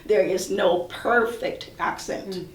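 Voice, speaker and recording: A woman's voice: medium pitch, fairly even intonation, slow pace. Woman professor on a panel, earnest and emphatic, sounds far away, roomy echo. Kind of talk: panel discussion. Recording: roomy, distant mic.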